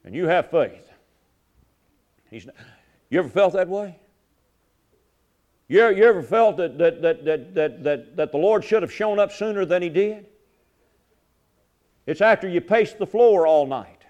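Guy preaching, kinda high voice, goes loud then quiet, repeats himself a lot. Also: animated, measured pace, long pauses, muffled recording. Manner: impassioned preaching, swings from loud to hushed, repeats phrases. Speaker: pastor. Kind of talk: sermon.

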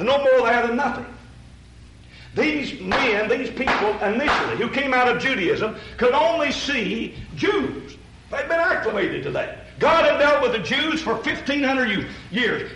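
A man's voice: high voice, a bit bright, echoey room, slight background noise, low-quality recording. A man preaching a sermon in a folksy, conversational way, addressing listeners directly and asking rhetorical questions.

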